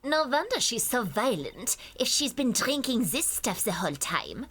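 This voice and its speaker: A woman's voice: on the high side, sing-song, moderate pace, fairly bright tone, slightly rough, pitched above the performer's own voice, heavily acted. A woman voicing a stern, haughty young female prosecutor with a put-on German accent, reading game dialogue aloud.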